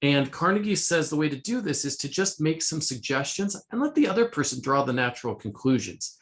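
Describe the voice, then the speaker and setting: A man's voice: a little high, very animated, brisk, fairly bright tone. A middle-aged man presenting a conversational lesson summarizing a self-help book, quoting passages and restarting phrases as he talks. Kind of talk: casual spoken lesson.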